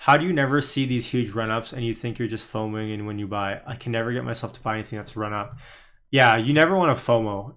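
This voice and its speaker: A man's voice: medium pitch, a bit bright. Chatty man doing live stock commentary. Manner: chatty, thinks aloud, answers viewer chat. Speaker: livestream stock trading host. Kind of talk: casual live market commentary.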